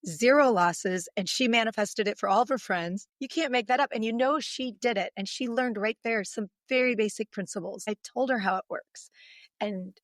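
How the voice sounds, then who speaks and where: A middle-aged woman, a podcast guest, telling a story in a lively, animated way and acting out the voices in it. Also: on the high side, a little fast, few pauses, no echo, clean studio sound.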